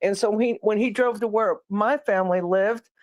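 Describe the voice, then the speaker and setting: A woman's voice: mid-range voice, normal speed, darkish tone, dry recording. A woman from New Mexico ranting heatedly and swearing as a panel guest on a live stream. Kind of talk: casual live-stream chat.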